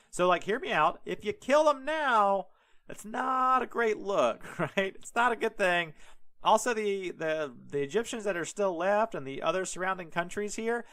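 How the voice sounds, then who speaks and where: A man voicing Moses as a calm talker who casually reasons an angry God down. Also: high-pitched. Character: calm, persuasive Moses, male, placating.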